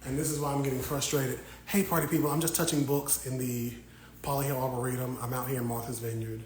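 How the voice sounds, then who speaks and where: A man's voice: medium pitch, flat delivery, quick pace, slight background noise, poor audio. A man hosting a casual live stream from inside a library, talking with viewers in a playful, teasing way. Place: indoor library.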